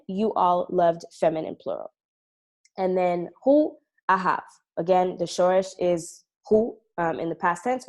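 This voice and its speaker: A woman teaching an online language lesson, explaining patiently and pronouncing drill words carefully. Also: lowish voice. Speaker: Hebrew teacher.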